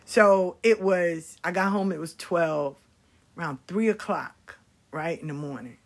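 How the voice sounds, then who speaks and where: A middle-aged woman telling stories about her life in a casual, blunt and animated way, swearing freely. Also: fairly low pitch, a little slow. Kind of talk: casual storytelling.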